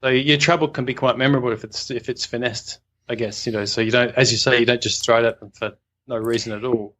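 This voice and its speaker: A man's voice: medium pitch, fairly even intonation, quick pace, a bit bright. A man with a mid-range voice, recounting a story in a loose, rambling way. He stops and restarts often and fills the gaps with "um" and "uh.". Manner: rambling storyteller, hesitant fillers, chuckles. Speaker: writing podcast co-host. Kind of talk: casual anecdote.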